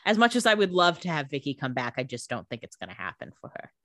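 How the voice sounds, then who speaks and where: A woman co-hosting a casual podcast chat, animated and playful, laughing often. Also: low voice, fast, dry recording, clean studio sound. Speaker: podcast co-host.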